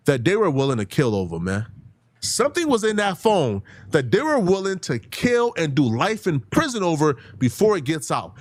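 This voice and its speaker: A man's voice: on the high side, very animated, normal speed, dry recording. A man hosting an online commentary show, talking animatedly and firing off rhetorical questions.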